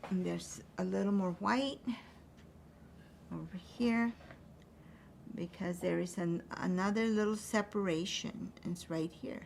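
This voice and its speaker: A woman teaching an acrylic painting demonstration, thinking aloud as she paints in a relaxed way. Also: lowish voice, unhurried, creaky, long pauses, slight background noise.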